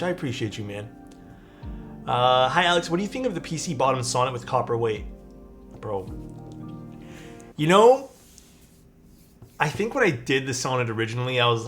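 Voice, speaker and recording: A man chatting casually on a live stream, laid-back and low-energy, thinking aloud with fillers and restarts. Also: fairly bright tone.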